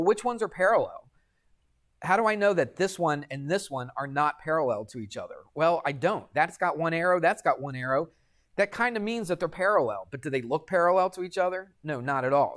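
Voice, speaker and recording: Man teaching a geometry class. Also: fairly high pitch. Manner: asks the class questions and answers them himself; jokey asides. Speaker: high school math teacher. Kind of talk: classroom lecture.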